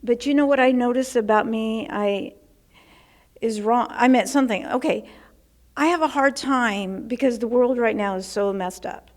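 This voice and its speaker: A woman's voice: on the high side, normal speed, darkish tone. A woman interviewing in casual conversation, asking earnest and openly emotional questions.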